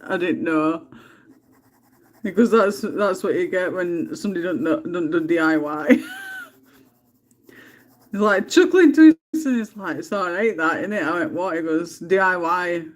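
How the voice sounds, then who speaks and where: Woman host, unhurried, with a bouncy tone; giggly and chatty; home livestream. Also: lowish voice, lively intonation. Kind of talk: casual chat while colouring. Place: home room.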